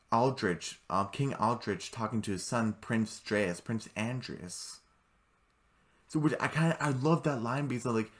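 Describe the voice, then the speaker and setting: Excitable rambling man recapping a cartoon. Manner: rambling, excitable, filler-heavy, many restarts; jumps into high voices when quoting characters. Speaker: show recap commentator. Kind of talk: casual episode recap.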